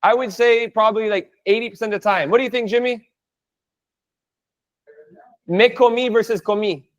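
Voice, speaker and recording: A man's voice: sits high, fairly even intonation, moderate pace. A man teaching a live online Spanish class, playful and chatty, breaking down jokes and phrases for his students.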